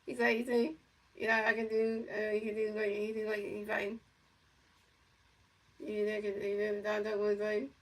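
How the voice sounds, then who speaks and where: A woman's voice: medium pitch, completely flat delivery, normal speed, long pauses, recorded from a distance. A woman giving casual play-by-play over a video game, rambling with lots of fillers and repeated phrases. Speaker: gamer doing play-by-play.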